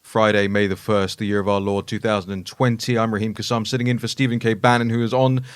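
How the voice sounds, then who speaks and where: A man, sitting in as the talk radio host, introducing the show in a brisk, wry way. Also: lowish voice, little pitch movement, clear, resonant tone, no echo. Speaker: guest host.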